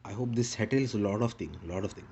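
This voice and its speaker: A man's voice: fairly low pitch, quick pace, mellow, breathy edge. A man rambling in a casual monologue with a put-on Indian English accent, repeating short clipped broken-English phrases. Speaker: vlogger.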